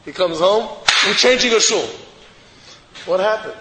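A man with a high voice preaches a storytelling sermon as a rabbi, animated and hammering his points through repetition. His voice rings through a roomy hall with a long, lingering reverb. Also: unhurried, noisy background. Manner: animated, repeats phrases for emphasis. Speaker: rabbi giving a Torah talk.

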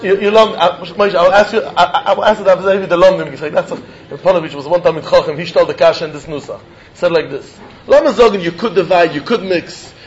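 A man teaching a Talmud lesson, reasoning aloud in an animated way, often chuckling and repeating words. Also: sits high, fairly quick. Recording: dull lo-fi recording.

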